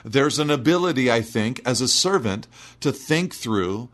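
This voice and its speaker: A man's voice: mid-range voice, lively intonation, measured pace, a bit bright. Man preaching an earnest sermon. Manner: earnest, emphatic expository preaching with restarts.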